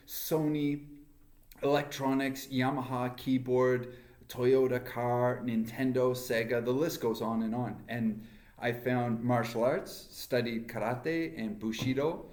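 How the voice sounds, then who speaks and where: A man's voice: mid-range voice, fairly even intonation, unhurried, darkish tone. A man with a Canadian accent, co-hosting a casual podcast chat. He tells long, rambling stories. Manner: rambling storyteller. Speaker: podcast co-host. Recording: echoey room.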